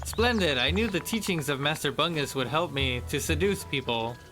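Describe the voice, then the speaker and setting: A man voicing a smooth-talking male lutin forest sprite in a tabletop-style game, overly polite and ingratiating. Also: fairly high pitch, animated, normal speed, over music, close to an everyday voice. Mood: smug.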